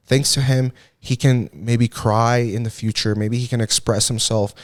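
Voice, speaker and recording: A man's voice: medium pitch, steady tone, normal speed, dry recording, clean studio sound. A man co-hosting a casual podcast with his wife, talking in a rambling way full of "like" and mild swearing, now and then dropping Spanish phrases. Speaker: podcast co-host. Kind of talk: casual chat.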